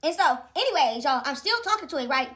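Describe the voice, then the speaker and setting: High, lively woman telling a chatty story. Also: fast talker. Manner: chatty, addresses viewers as "y'all", frequent "right?"; laughs often while telling stories. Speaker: vlogger. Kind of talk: casual storytelling to viewers. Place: at home.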